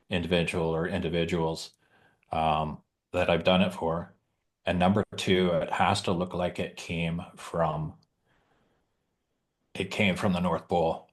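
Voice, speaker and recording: Casting note: middle-aged man, fairly low voice, halting and emotional storyteller, professional Santa. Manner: halting, emotional, many pauses and restarts. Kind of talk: heartfelt storytelling in a group chat.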